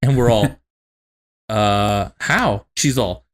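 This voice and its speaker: A man co-hosting a casual podcast, telling family stories between bursts of laughter and lots of swearing. His voice sits at a middle pitch, and he acts out the people he quotes. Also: expressive, normal speed, very noisy. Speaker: podcast co-host. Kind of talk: casual chat.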